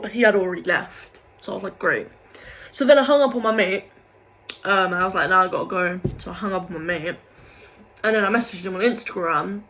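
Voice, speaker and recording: This casual vlog rant comes from a young woman whose medium-pitched voice has a bit of brightness. She's frustrated and rambling, swearing a lot and leaning heavily on "like," and the recording is rough.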